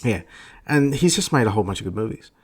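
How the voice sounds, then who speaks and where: A man's voice: on the low side, animated, quick pace, breathy edge. A man hosting a podcast, ranting crudely and bluntly about movies. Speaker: podcast host. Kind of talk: profane ranting commentary.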